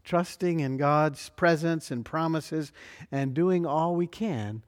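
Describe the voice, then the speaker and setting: A man preaching a sermon, slow and emphatic, with dramatic pauses. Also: fairly high pitch, big-room sound. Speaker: pastor.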